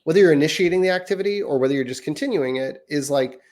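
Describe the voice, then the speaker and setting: A man's voice: on the high side, quick pace, darkish tone. A man in his thirties co-hosting a parenting podcast, talking through ideas in long, hedging, winding sentences. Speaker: podcast co-host. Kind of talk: casual parenting chat.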